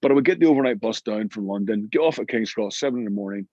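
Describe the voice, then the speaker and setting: A middle-aged Scottish man telling anecdotes in an interview, lively and full of restarts. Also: fairly low pitch, racing, dry recording, highs cut off. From Scotland. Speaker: guest musician. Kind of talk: storytelling interview.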